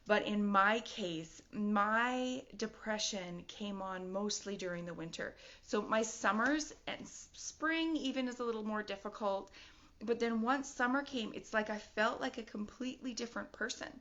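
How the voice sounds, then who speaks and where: A middle-aged woman talks straight to camera about her own life, candid and rambling, often breaking into short laughs. Her voice sits at an ordinary middle pitch. The audio is a little dull and lo-fi. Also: moderate pace, fairly bright tone. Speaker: vlogger. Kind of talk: personal video talk.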